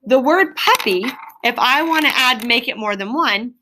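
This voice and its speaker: A woman teaching a third grade class in a classroom, sounding out spelling words slowly and clearly. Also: on the high side, expressive, noisy background. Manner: clear, drawn-out word sounding. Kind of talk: classroom phonics lesson.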